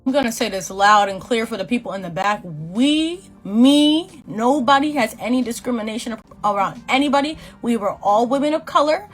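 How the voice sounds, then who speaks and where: A woman's voice: fairly high pitch, moderate pace, few pauses, faint music behind. A young woman from Boston in her twenties, telling a slangy, swear-laced storytime while doing her makeup and acting out the people in it. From Boston, USA. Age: 20s. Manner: animated, slangy, swearing, quotes people in voices. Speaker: beauty vlogger.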